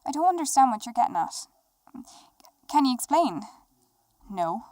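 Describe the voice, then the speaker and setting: A woman voicing a young woman who acts as a teasing talk-show host and interviews herself in an animated film. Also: sits high, normal speed, no echo.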